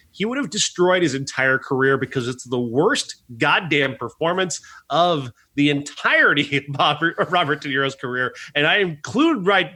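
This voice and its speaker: A man's voice: fairly high pitch, pushed and bright. A man co-hosting a movie review podcast, ranting with swearing and frequent laughter. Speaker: podcast co-host. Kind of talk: casual movie review chat.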